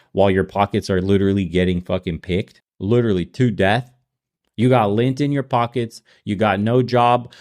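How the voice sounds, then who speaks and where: A man's voice: fairly low pitch, lively intonation, normal speed, darkish tone. Blunt, profane ranting man. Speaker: host. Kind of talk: casual reaction commentary.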